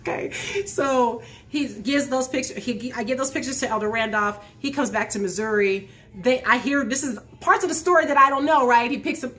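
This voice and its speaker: Bright, lively woman telling a story. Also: fairly high pitch, slight background noise. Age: 40s. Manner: animated, laughing as she tells the story; speaks straight to her viewers. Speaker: host of a live talk show. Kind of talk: casual storytelling to a live chat.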